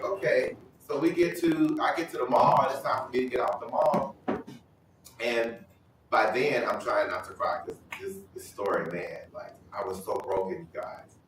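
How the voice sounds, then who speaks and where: A man sharing a personal testimony at a Bible study, telling his story in an animated way and acting out other people's voices. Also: medium pitch, heavy reverb, far from the mic, noisy background. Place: church hall.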